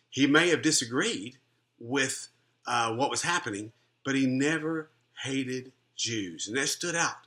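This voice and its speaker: A man's voice: mid-range voice, sharp tone. A middle-aged man, a Christian minister and life coach, telling a personal testimony in an earnest, conversational way with frequent restarts.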